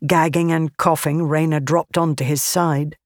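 Slow, deliberate fantasy narrator. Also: medium pitch, no room sound, studio quality. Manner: slow, deliberate, even reading. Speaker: audiobook narrator.

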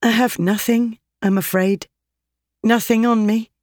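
A woman's voice: a little high, fairly even intonation, a little slow, a little mellow, dry recording, studio quality, pitched above the performer's own voice, close to an everyday voice. A narrator doing a flustered, apologetic young woman. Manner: hesitant, apologetic.

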